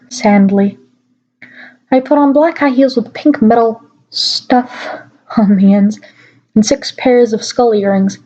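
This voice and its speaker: A woman's voice: a little high, mellow, lo-fi sound. A woman giving a mock-dramatic reading aloud, stopping now and then for wry asides, recorded at home on a laptop mic. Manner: mock-dramatic, breaks off to comment wryly. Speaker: reader.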